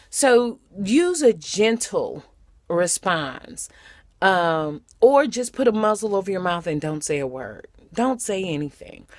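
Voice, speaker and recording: A woman's voice: fairly high pitch, dry recording, clean studio sound. A woman giving a short, conversational devotional message, repeating phrases for emphasis. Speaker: devotional speaker.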